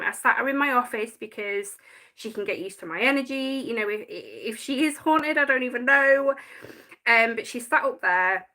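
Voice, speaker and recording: A woman's voice: a little high, bright, forceful tone. A woman chatting casually on a live stream, rambling and getting sidetracked while she reads viewers' comments. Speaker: paranormal vlogger.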